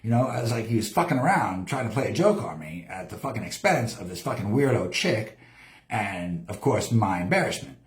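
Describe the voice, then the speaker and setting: A man rambling through a story on his own live show, cursing constantly and acting out the other people's lines. His voice swings up and down a lot as he tells it. The sound is roomy, with a clear echo around him. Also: lowish voice, fairly quick. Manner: heavy swearing, lively storytelling, acts out quotes. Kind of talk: profane rambling live-stream monologue. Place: home studio.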